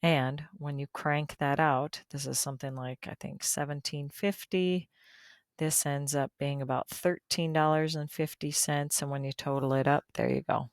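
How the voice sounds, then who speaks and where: Middle-aged woman, low pitch, folksy math teacher recording a lesson, friendly asides. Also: level tone, moderate pace, dry recording, studio quality. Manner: chatty, folksy, joking asides.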